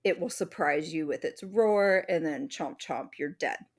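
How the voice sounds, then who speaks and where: A woman co-hosting a podcast, presenting the episode's topic in casual chat, animated and swearing freely. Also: low voice, unhurried. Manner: animated, swears freely, acts out little voices.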